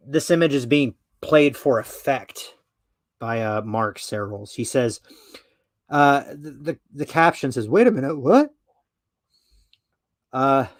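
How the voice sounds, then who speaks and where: A man's voice: medium pitch, dry recording. A male podcast host with a mid-range voice reads an article aloud and riffs on it. He rambles, swears freely and trails off into asides. The sound is dry and close. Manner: profane, rambling, full of fillers and asides. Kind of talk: casual commentary, reading an article aloud.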